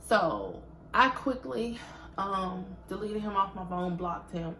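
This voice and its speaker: A young woman from Georgia in the US, telling a storytime in casual chat and getting loud whenever she quotes herself. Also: medium pitch, takes it slowly, echoey room, slight background noise, poor audio. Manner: animated, swings loud when quoting herself. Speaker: vlogger.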